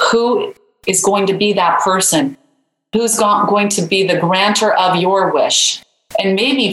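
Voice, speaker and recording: A woman's voice: mid-range voice, a bit bright, reverberant, low-quality recording. A woman guest author in an interview, telling a story in a loose conversational way with many fillers.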